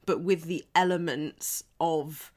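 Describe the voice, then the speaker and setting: A woman co-hosting a podcast in casual chat, chatty and quick to laugh. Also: low-pitched, fairly even intonation, a little mellow. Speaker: podcast co-host.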